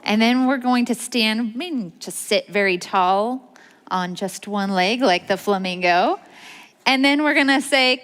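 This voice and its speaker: A woman's voice: fairly high pitch, unhurried, fairly bright tone. A young woman reading a picture book aloud to children at a library storytime, coaxing them to join in with sounds and movements. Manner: sing-song, coaxing, leading children in call-and-response. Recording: reverberant library hall.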